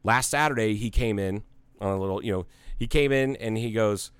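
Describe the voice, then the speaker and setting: A forty-year-old man from Ohio tells a story in casual podcast talk and acts out both sides of the conversation. His voice sits a bit low and comes across smooth and clear. The sound is dry and close, with no room around it. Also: brisk, no echo. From Ohio, United States. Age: 40s. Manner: casual, swears freely.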